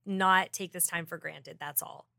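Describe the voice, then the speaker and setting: A woman's voice: on the low side, fairly even intonation, measured pace, gravelly, bright, forceful tone, no echo, studio quality. A woman guest on a podcast, talking emphatically and retelling her stories dramatically. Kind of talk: casual interview chat.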